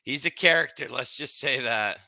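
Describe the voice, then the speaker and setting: A man from Canada co-hosting a casual sports podcast, relaxed and rambling. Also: medium pitch, moderate pace, dry recording. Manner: rambling, relaxed, lots of fillers and restarts. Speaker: podcast co-host.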